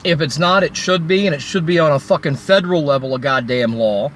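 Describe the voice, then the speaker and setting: Man, high voice, angry vlog rant, heavy swearing, sarcastic, phone mic. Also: brisk, a bit bright, a little hiss or hum. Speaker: vlogger. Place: recorded while by a road.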